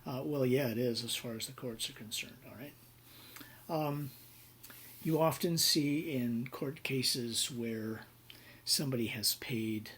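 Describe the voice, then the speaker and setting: A man's voice: mid-range voice, measured pace, a bit bright, slight background noise. A man giving a conversational university lecture on contracts, with many fillers and acted-out examples. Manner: conversational with frequent fillers and role-played examples.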